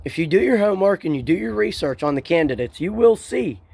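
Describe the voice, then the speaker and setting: A man's voice: high voice, very animated, fast talker, vocal fry, warm tone, slightly rough, no room sound. A man from Ohio talking casually to camera, rambling and often repeating and restarting his words. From Ohio, USA. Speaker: political vlogger. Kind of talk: casual monologue recounting a rally day.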